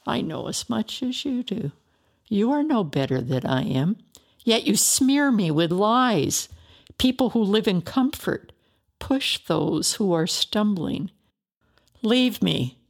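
A woman's voice: medium pitch, animated, slow pace, vocal fry, full character voice. A woman voicing a grieving, ruined man in a storybook reading, anguished and pleading as he questions God.

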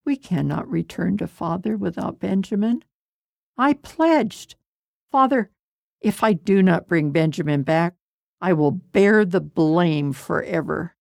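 A woman voicing Judah, a grown man earnestly pleading for his youngest brother, in a slow storybook reading. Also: fairly low pitch, creaky, darkish tone, dry recording, studio quality.

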